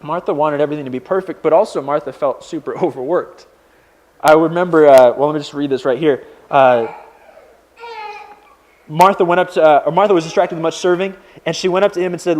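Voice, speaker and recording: A young man delivers a sermon as a pastor, and his voice sits high for a man. He talks conversationally, telling personal stories with many fillers and restarts. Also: brisk, darkish tone.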